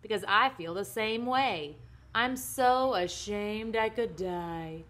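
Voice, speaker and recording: A woman voicing a bossy, dramatic eleven-year-old girl from a storybook who speaks in a loud, haughty, whiny tone. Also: lowish voice, expressive, normal speed, close to an everyday voice. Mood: haughty whining.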